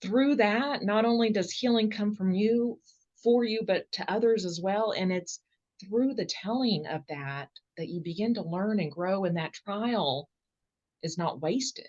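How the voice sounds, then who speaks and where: A woman's voice: medium pitch, unhurried, a little mellow, muffled recording. A woman with a Southern accent speaking earnestly as a podcast guest, often stopping and restarting her phrases. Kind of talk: casual interview answers.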